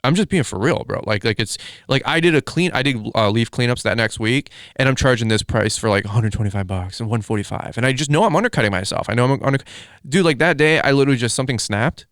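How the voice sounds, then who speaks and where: A man hosting a podcast in casual chat, rambling excitably with lots of fillers. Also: medium pitch, fast talker, no echo, clean studio sound. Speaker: podcast host.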